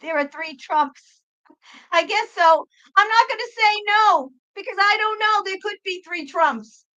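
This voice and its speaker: A woman with a very high voice rants at her livestream chat. Her voice is bright and forceful, and she swears freely while she argues with viewers. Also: normal speed, lo-fi sound. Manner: profane, exasperated ranting; talks back to chat viewers. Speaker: psychic livestream host.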